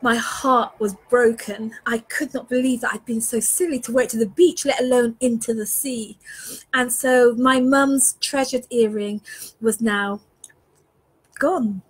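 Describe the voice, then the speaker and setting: A woman leadership coach telling a personal story in an earnest, animated way. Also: a little high, unhurried, breathy edge.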